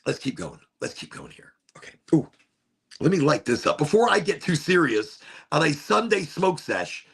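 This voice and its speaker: A man hosting a casual talk show, musing in a rambling, animated way while smoking, often repeating his phrases. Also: a little high, moderate pace, vocal fry, breathy edge. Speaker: podcast host.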